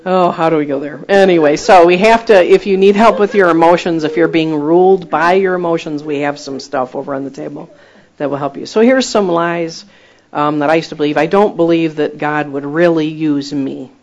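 A woman's voice: sits low, fairly quick. A woman minister giving an informal, chatty sermon to a group, mixing teaching with personal stories. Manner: lively, chatty, laughs at her own stories. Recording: dull lo-fi recording.

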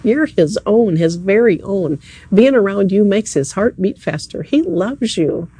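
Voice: medium pitch, animated, a little slow, mellow, breathy edge. A preacher giving a sermon at an evening church service, speaking earnestly and conversationally and addressing the listeners directly.

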